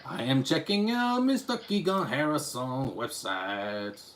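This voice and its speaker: A man's voice: medium pitch, expressive, a little slow, fairly bright tone, slight background noise. A man from Utah chatting on a live stream, reading his chat aloud and rambling through restarts and asides. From Utah, USA.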